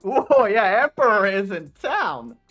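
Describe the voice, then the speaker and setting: A woman's voice: medium pitch, expressive, slow pace, a bit bright, highs cut off, faint music behind. A woman voicing a brash, bored male penguin boss who talks in a slangy, teasing street drawl. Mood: swaggering.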